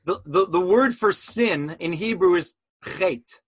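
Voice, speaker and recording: A man's voice: sits high, expressive, takes it slowly, breathy edge, no echo, low-quality recording. A man teaching an online class about Hebrew letters in a passionate style, full of rhetorical questions, heard over a video call.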